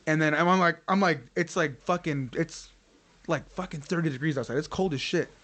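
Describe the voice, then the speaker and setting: A man's voice: on the high side, fairly quick, fairly bright tone. A man hosting a podcast, telling a story in casual chat, full of swearing and fillers like "like" and "um.". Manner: profane, rambling with frequent fillers. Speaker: podcast host.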